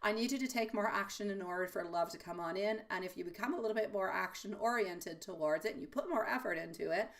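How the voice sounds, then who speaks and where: A woman's voice: mid-range voice, fast, gravelly, hardly any pauses, a bit bright, distant mic. Chatty woman reading tarot, a bit off-mic. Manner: affectionate, chatty, calls viewers sweetie. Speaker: tarot reader. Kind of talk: live-stream tarot reading. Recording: voice a little off-mic.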